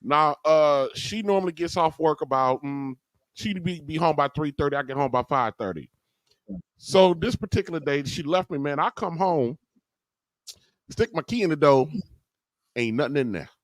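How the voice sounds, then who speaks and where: A man, a guest in casual conversation, telling a long rambling story in an animated way. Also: fairly high pitch, normal speed, dry recording, studio quality.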